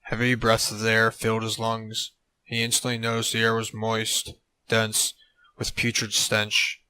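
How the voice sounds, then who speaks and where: A man narrating an absurd comedic story in a deadpan way on a close mic. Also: lowish voice, a little slow, smooth, no echo, poor audio.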